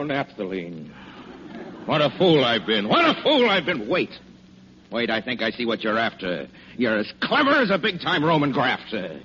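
Brief: pompous villain from hell, lively theatrical radio delivery, dull lo-fi sound. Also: male voice, on the low side. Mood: agitated. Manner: theatrical, pompous rhyming verse. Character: boastful male gunman sent from hell. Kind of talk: 1940s radio acting. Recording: dull, faintly hissy old radio recording.

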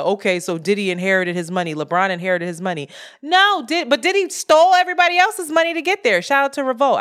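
A woman co-hosting a podcast, talking casually in a profane, animated rant about money and frustration. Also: a little high. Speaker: podcast co-host. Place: lives in Brooklyn.

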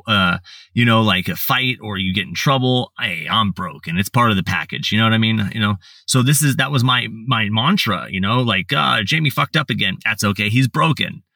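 Blunt, plain-talking man with a low voice, recorded dry and a little distant from the mic. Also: a little fast, pushed and bright, dry recording. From United States. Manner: blunt, swears, lots of fillers and restarts. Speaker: podcast guest. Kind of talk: casual storytelling.

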